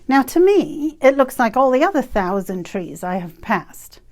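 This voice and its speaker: A woman in her fifties from Canada tells a personal story with a fairly high voice. She speaks in an animated, emphatic way and laughs now and then. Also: measured pace. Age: 50s. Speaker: retreat facilitator.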